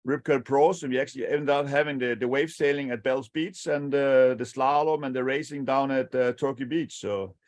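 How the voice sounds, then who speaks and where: A man's voice: mid-range voice, normal speed, few pauses, dry recording. A man in his fifties chats as a podcast guest. He tells his old travel stories in an easy way and lists each stop in turn. The recording is dry and close, with little room sound. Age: 50s. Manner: relaxed storytelling, recalls places one after another. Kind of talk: casual chat. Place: home by the palm trees.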